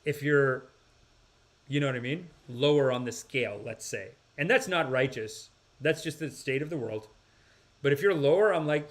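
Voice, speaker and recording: The man hosting this podcast works through viewer comments in a mid-range voice at a moderate pace. He rambles, sighs, starts over, and now and then slips into an impression.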